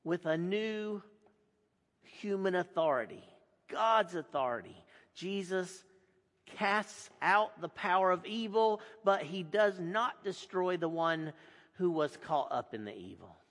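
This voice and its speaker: A pastor delivering a sermon in a deliberate, emphatic way with repeated phrases. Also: male voice, high-pitched, expressive, fairly bright tone. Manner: slow, deliberate and emphatic, with repetition. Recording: long hall reverb.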